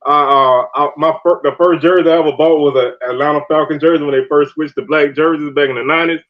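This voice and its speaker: A man in his thirties hosts a loose sports talk show, spinning stories and breaking into laughter all the time. His voice sits high, and the recording sounds a bit muffled and lo-fi. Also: quick pace. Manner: laughs often, animated storytelling. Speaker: podcast host. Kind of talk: casual sports chat.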